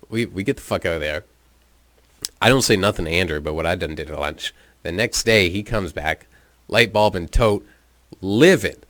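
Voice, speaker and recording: A young man spins a story in a loose, amused way, cursing freely as he goes. His voice sits very low. The sound is dry and close, with no room echo. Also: moderate pace, fairly bright tone. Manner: laid-back, profane, amused. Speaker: vlogger. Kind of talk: casual storytelling.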